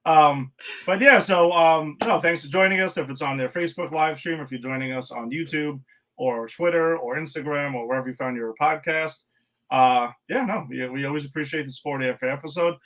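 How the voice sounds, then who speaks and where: A man's voice: on the high side, moderate pace, a bit bright, poor audio. A man hosting a podcast, chatting in an easygoing way, laughing often and using loose fillers. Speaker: podcast host. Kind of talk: casual podcast chat.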